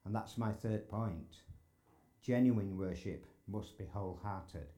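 Earnest preacher with a mellow low voice. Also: male voice, slow pace. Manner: earnest, rising to emphatic exclamations. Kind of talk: sermon. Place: church sanctuary.

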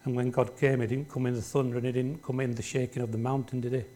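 A man's voice: medium pitch, level tone, quick pace, dark tone. A man preaching a sermon in a church, talking conversationally and often checking in with the congregation through tag questions.

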